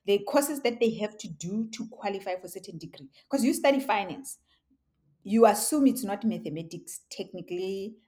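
A middle-aged woman speaks as an interview guest and tells her life story. She is animated and expressive, often breaking into laughter as she talks. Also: medium pitch. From South Africa. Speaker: interview guest, tech education founder.

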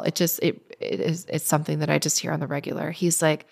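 A woman in her thirties, a guest telling stories in casual, animated chat, often restarting her sentences. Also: low voice, moderate pace, gravelly, breathy edge. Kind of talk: casual conversational storytelling.

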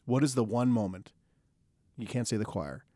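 A man's voice: mid-range voice, normal speed, dry recording, clean studio sound. A man in his thirties hosting a podcast, telling stories playfully in casual chat. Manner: animated storyteller, playful. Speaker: podcast host. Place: podcast recording space.

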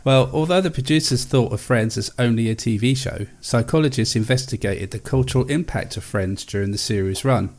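A man's voice: mid-range voice, fairly quick, hardly any pauses, a little mellow. A man hosting a podcast who reads trivia aloud steadily and then chats easily. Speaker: podcast host. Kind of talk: casual chat and reading facts aloud.

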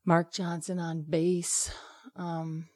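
A woman's voice: on the low side, monotone, drawn-out words, dark tone, no room sound, studio quality. A woman comedian telling loose, laid-back stories in casual chat, swearing and calling people "man". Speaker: comedian guest.

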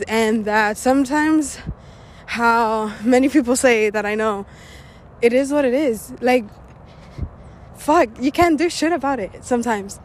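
A woman's voice: a little high, measured pace. A young woman hosting her own talk show, rambling candidly and swearing freely, a little out of breath after a run. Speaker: podcast host. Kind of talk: casual personal monologue.

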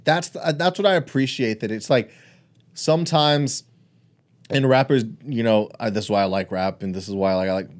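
A man's voice: mid-range voice, normal speed. A man co-hosting a podcast in casual chat, loose and profane, teasing his co-host.

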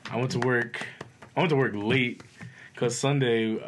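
A man's voice: mid-range voice, fairly even intonation, measured pace, background noise. A man, telling stories in a casual, swearing chat. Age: 20s. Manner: laid-back storytelling, lots of swearing.

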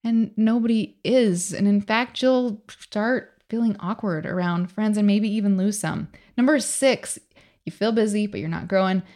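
A woman's voice: medium pitch, normal speed, darkish tone. A middle-aged woman hosting a motivational business podcast, talking in an upbeat, emphatic coaching way with lots of rhetorical questions. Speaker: podcast host.

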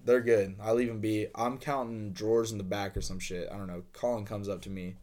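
A man's voice: fairly low pitch, steady tone, brisk, darkish tone. A young man co-hosting a podcast tells a story casually. He rambles and swears freely. He fills his talk with "like" and acts out what everyone said. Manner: rambling, profane, many fillers, acts out dialogue. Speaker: podcast co-host.

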